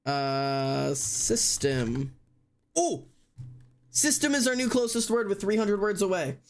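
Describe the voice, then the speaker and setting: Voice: mid-range voice, animated, slow pace, a little hiss or hum. A streamer casually thinking aloud during a live word-guessing game, spelling words out letter by letter and poking fun at themself.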